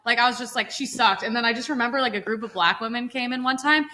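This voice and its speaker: A woman's voice: fairly high pitch, fast, noisy background. A woman co-hosting a podcast in casual, profane political chat, often mimicking other people's voices. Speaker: podcast co-host.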